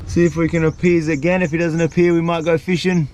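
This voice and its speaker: A young man talks casually to the camera outdoors, chatty and reassuring with bursts of excitement. His voice sits fairly high for a man. A faint background noise stays under him. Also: fast talker. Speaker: vlogger. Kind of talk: casual vlog talk to camera and on the phone. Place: outdoors in the outback.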